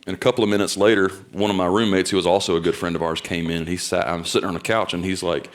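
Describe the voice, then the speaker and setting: A young man preaching a sermon, telling stories with loud bursts and quiet asides. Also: sits low, fairly even intonation, fast talker. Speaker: pastor.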